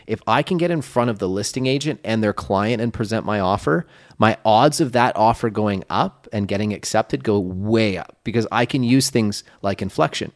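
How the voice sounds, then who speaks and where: A man with a fairly low voice co-hosts a coaching podcast. He talks in a casual, emphatic way and acts out short sample dialogues to make his points. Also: normal speed. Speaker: podcast co-host, real estate coach.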